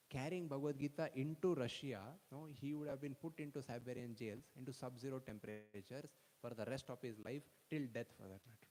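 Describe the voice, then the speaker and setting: Speaking at a youth festival, a man races through an animated story-driven sermon, frequently checking in with the young crowd. His pitch is ordinary for a man, and a lengthy hall echo trails his words.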